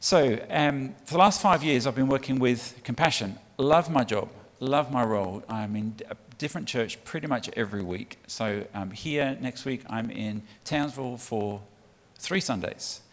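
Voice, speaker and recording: Speaking at normal speed with few pauses, this mid-range male voice belongs to a middle-aged man from England preaching as a guest for a child sponsorship charity. His chatty sermon to the congregation is full of ums and restarts, and the church hall gives it a long, large-hall reverb.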